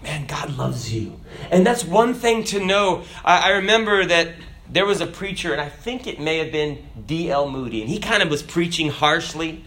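Animated preacher with a slightly high voice. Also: male voice, normal speed. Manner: animated preaching, rhetorical questions, reads scripture aloud. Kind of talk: sermon.

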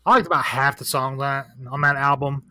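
A man's voice: medium pitch, fairly even intonation, fairly quick, bright, forceful tone, no echo. A man talking as a podcast guest in a candid, rambling, profane casual chat full of fillers. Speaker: guest, record shop owner.

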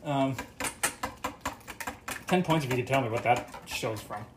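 A man's voice: mid-range voice, unhurried, noisy background. A man from Canada hosting a casual solo podcast, rambling and joking with plenty of swearing while he cooks breakfast. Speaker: podcast host. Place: home kitchen, cooking breakfast. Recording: kitchen clatter of dishes and cutlery.

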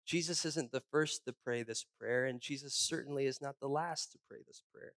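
A male pastor preaching a sermon, moving from personal stories to hushed, solemn reflection. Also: mid-range voice, moderate pace, few pauses. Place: church.

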